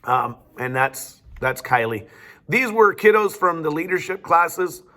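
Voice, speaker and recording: A man's voice: a little high, lively intonation, unhurried, sharp tone. A male teacher giving upbeat, chatty school announcements with casual fillers. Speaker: teacher presenting student awards.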